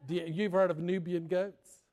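A man's voice: high-pitched, little pitch movement, moderate pace, a little mellow. A man preaching a sermon, telling folksy stories and joking with the congregation. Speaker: pastor. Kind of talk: sermon with storytelling.

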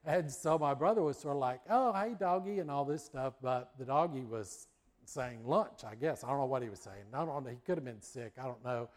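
A man's voice: medium pitch, brisk. A middle-aged man from the United States preaching a sermon, telling a childhood story in a folksy way. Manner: folksy storytelling, acts out voices and barks.

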